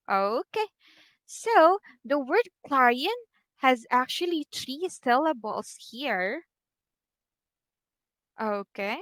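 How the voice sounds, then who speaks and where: Woman ESL teacher on a video call, slow and patient, highish voice, dry close sound. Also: sing-song, a bit bright, no room sound. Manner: patient, encouraging, talks while typing corrections. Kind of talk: one-on-one online English lesson.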